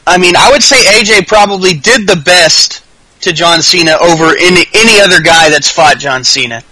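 High, bright-voiced man ranting. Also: moderate pace, poor audio. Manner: profane, animated ranting. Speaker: podcast co-host. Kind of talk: casual wrestling talk.

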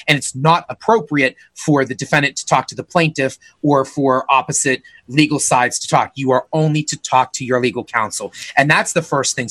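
A man's voice: medium pitch, a bit bright, no echo. A man, a real estate agent co-hosting a podcast, explaining the steps to buyers in an earnest, advising way. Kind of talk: casual explanatory podcast talk.

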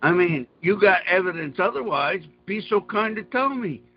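Man, high pitched, rambling and profane, muffled lo-fi sound, faint music behind. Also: expressive, moderate pace. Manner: rambling, profane, emphatic rants. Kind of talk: casual chat.

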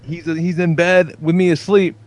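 A man in his thirties rambles through everyday stories on a casual podcast, swearing freely. His voice sits a little high for a man. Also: little pitch movement, moderate pace, a little mellow, dry recording. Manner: rambling, profane storyteller. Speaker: podcast co-host.

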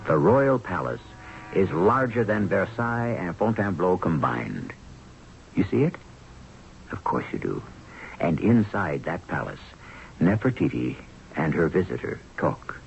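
A man narrates as host of an old radio drama, speaking in a theatrical, insistent way. His voice is very deep and moves widely from line to line. Music plays clearly behind him on a dull, lo-fi recording.

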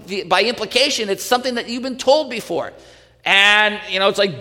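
A man's voice: sits high, expressive, normal speed, sharp tone, long reverb tail. A male pastor teaching a sermon in earnest, pressing the point with rhetorical questions and restarting his sentences.

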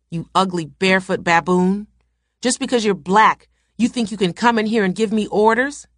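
A woman's voice: lowish voice, dry recording, studio quality. A woman voicing an indignant, furious young woman in a novel read aloud, hurling insults in a raised voice. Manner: heated, shouting insults.

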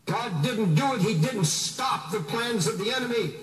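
A man's voice: high voice, expressive, moderate pace, over loud music. A man preaching a fiery sermon, pressing his listeners with question after question. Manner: impassioned, rhetorical questioning. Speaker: minister. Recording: roomy, mic at a distance.

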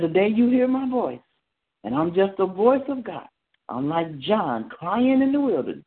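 A man preaching and praying at an early morning prayer service, with fervent, repetitive exhortations that swell into cries. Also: medium pitch. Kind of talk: sermon and prayer. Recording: tinny phone-line sound.

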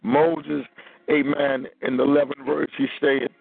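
A man's voice: medium pitch, steady tone, normal speed, gravelly, husky, dry recording. A man preaching as a minister, reading and expounding scripture over a phone line.

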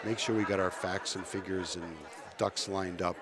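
Radio interview guest: deep-voiced man with a cold, halting and thoughtful, with crowd noise behind. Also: steady tone. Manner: thoughtful, halting explanations with restarts. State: coming down with a cold. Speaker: guest speaker, commission chair.

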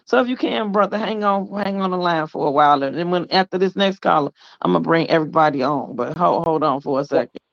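A man hosting a call-in show, animated and laughing, hyping up his callers with slang. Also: fairly high pitch, fast talker, vocal fry, few pauses, no echo. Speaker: radio show host. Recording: dull lo-fi audio.

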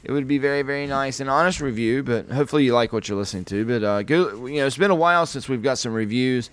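A man hosting a casual podcast, rambling and folksy, drawing out his sign-off with playful shouts. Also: medium pitch, fast talker, clear, resonant tone. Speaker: podcast host. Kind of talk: casual chat.

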